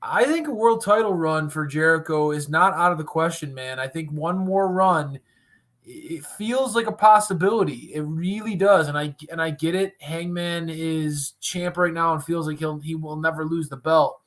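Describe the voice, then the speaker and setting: A man's voice: fairly high pitch, moderate pace, fairly bright tone. A man co-hosting a wrestling recap show in casual chat, talking enthusiastically and rambling with frequent restarts.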